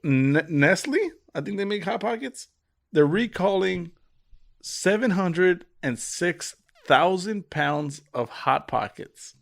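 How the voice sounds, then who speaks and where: A man's voice: sits high, slow, creaky. A young man co-hosting a podcast, chatting casually with sarcastic jokes. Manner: joking, animated, sarcastic. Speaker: podcast co-host. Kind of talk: casual chat.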